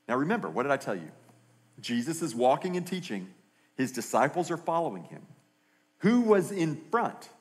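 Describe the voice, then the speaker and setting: An American pastor delivers an animated sermon, his voice high and swinging widely in pitch. He acts out bible characters in raised voices. The sound rings with the long reverb of a church hall.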